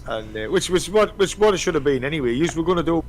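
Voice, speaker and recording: A man's voice: on the high side, expressive, fast, slight background noise, low-quality recording. Rambling man, casual swearing. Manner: rambling, swears often, trails off. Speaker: podcast host. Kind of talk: casual chat.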